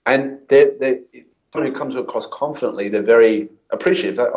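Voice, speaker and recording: Speaking fast in a medium-pitched, slightly mellow voice, a male copywriter tells stories as an interview guest. He acts out dialogue from his past, and the recording is rough.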